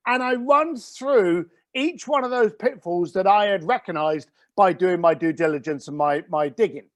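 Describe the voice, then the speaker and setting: Lively high-voiced blunt male storyteller. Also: no echo, clean studio sound. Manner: blunt, emphatic storyteller who swears casually. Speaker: interview guest, business founder. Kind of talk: conversational interview storytelling.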